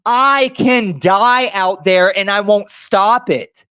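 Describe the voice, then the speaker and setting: A man's voice: sits high, slow pace, clean tone, no echo. A man on a video call, ranting angrily and cursing at the host. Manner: hostile, yelling and cursing. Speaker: caller on a livestream.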